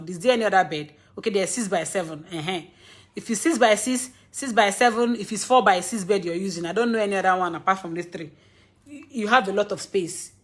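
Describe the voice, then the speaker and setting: A woman's voice: medium pitch, fairly bright tone. A young Nigerian woman hosting a casual live stream, rambling, laughing often and scolding her viewers.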